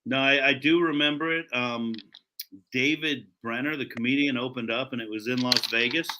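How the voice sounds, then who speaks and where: A man's voice: mid-range voice, steady tone, moderate pace, bright, forceful tone. A man hosting a podcast, chatting easygoing and asking friendly questions. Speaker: podcast host. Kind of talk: casual interview chat. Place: podcast studio.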